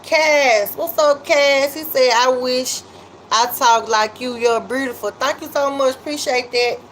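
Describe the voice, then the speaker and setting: A woman with a Memphis, Southern US accent hosts a livestream, reading out comments and shouting out her viewers. Her voice sits a little high, and she talks in a loose, drawn-out way. The audio is poor, with a faint hiss underneath.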